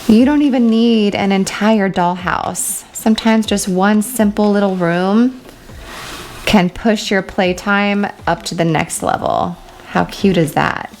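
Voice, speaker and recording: A woman's voice: mid-range voice, takes it slowly, a little mellow, slight background noise. Gushing woman toy-crafting host. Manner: gushing, enthusiastic. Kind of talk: casual toy review chat.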